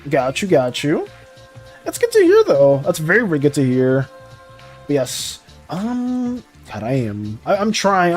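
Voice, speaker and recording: High, lively young man streaming. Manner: animated, apologetic, rambling with frequent restarts and laughs. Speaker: art streamer chatting with viewers. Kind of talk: casual live-stream chat.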